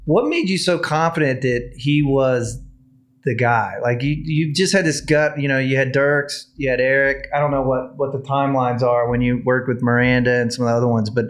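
A man hosts a podcast interview at an ordinary pitch. His long, conversational questions wander before he gets to the point. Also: fairly even intonation, moderate pace. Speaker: podcast host.

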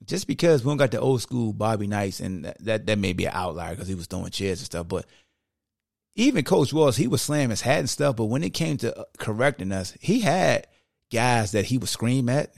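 A man's voice: lowish voice, expressive, a little fast, vocal fry, darkish tone, dry recording, clean studio sound. A man hosting a sports podcast, talking in a casual, emphatic monologue and often saying "like" and "y'all". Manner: conversational, emphatic, heavy use of "like" and "y'all".

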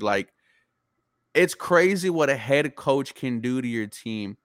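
A man's voice: medium pitch, fairly bright tone, smooth, dry recording, clean studio sound. A young man from Houston co-hosting a casual sports chat, enthusiastic and conversational. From Houston, Texas. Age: young adult. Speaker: sports podcast co-host.

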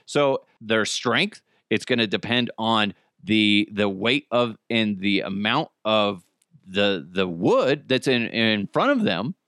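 A man's voice: fairly low pitch, lively intonation, slow, fairly bright tone, no room sound, studio quality. A man hosting a solo comedy podcast, rambling and self-deprecating, with frequent swearing. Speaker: podcast host.

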